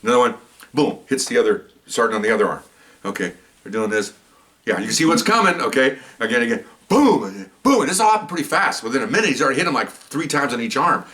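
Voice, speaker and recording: Lively man telling police stories. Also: fast talker. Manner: acts out the people in his story with jumps in pitch. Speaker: police story teller. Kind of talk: casual spoken storytelling. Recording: voice a bit far from the mic.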